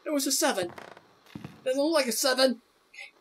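A woman hosting a horror game let's play, jumpy and excitable, talking to herself with yelps and nervous laughs. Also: high-pitched, fairly quick, slight background noise, rough recording. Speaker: gaming channel host.

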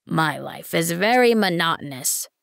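A woman voicing a wise, patient male fox in an audiobook, speaking in a measured, earnest way. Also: lowish voice, animated, vocal fry, a bit bright, dry recording, studio quality, exaggerated voice. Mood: wistful. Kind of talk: audiobook reading.

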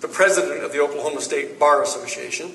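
A man giving an author talk, telling lively anecdotes to a live audience and acting out quoted lines. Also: fairly high pitch, fast talker, a little hiss or hum. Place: bookstore event space. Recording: roomy echo from far off.

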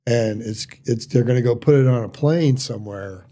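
A middle-aged man, a surgeon, telling stories in casual chat, halting with restarts and quoted dialogue. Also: mid-range voice, warm tone. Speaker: surgeon guest.

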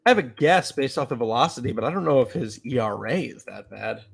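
A man's voice: mid-range voice, lively intonation, quick pace, gravelly, breathy edge. A man co-hosting a casual baseball chat show in a playful, jokey way, easily going along with the other host. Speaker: podcast co-host.

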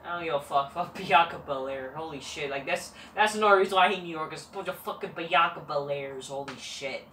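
A man's voice: on the high side, fairly quick, sharp tone. Swearing, rambling man in a roomy room. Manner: rambling, constant swearing, dismissive. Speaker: wrestling show reviewer, channel host. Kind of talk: profane rambling review rant. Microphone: camera mic. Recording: roomy, distant mic, faint noise.

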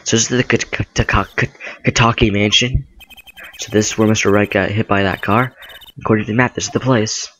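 A man's voice: fairly low pitch, fairly even intonation, a little fast, a bit bright, a little hiss or hum. Joking young guy reading game lines. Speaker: let's play host. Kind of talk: reading game dialogue aloud with commentary.

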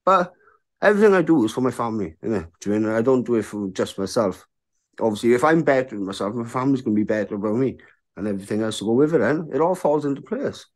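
A man's voice: medium pitch, animated, very fast. A man in his thirties, a bare-knuckle fighter, talking frankly in a casual interview and often asking "do you know what I mean?".

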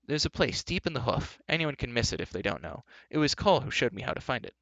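A man doing an earnest young hero, raised pitch. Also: sing-song, fast, vocal fry, a bit bright, no room sound, muffled recording, exaggerated voice. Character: earnest young male hero, steady and caring.

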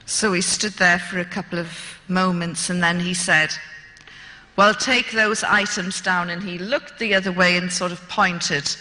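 A woman's voice: fairly low pitch, steady tone, normal speed, pushed and bright. A woman telling a humorous personal story in a lecture, with dry, wry delivery. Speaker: speaker. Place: lecture hall. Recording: lecture hall reverb.

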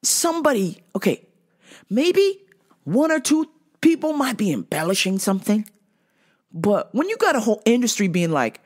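A woman hosts a podcast, ranting profanely through a casual solo monologue and telling stories with plenty of energy. Her mid-range voice moves at a normal speed.

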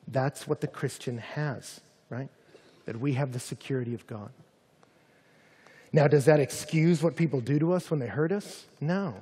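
Pastor, male, lively sermon delivery, slightly high, husky voice, long hall reverb. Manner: animated, acts out angry voices.

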